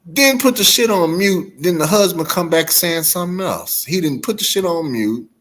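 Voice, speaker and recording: A man in a casual chat, telling stories in an animated, profane way. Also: sits high, normal speed. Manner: animated, profane storytelling with frequent laughter.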